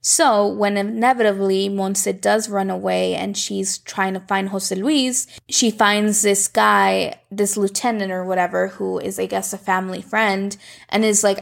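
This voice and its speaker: Chatty sarcastic woman with vocal fry. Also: mid-range voice, flat delivery, a little slow. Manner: chatty, sarcastic, acts out quotes. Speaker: recap commentator. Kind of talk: casual telenovela recap.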